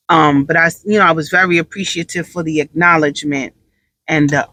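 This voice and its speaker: A tired mother in casual storytelling, talking in an animated, sassy way and leaning on emphatic repeats. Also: low-pitched, moderate pace, no echo. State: tired, drained. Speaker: mother and vlogger.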